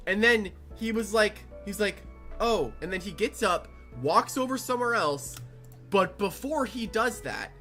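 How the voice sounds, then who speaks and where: A young adult telling a rambling, animated story in casual storytime fashion. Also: medium pitch. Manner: rambling, animated, restarts often. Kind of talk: casual storytime over gameplay.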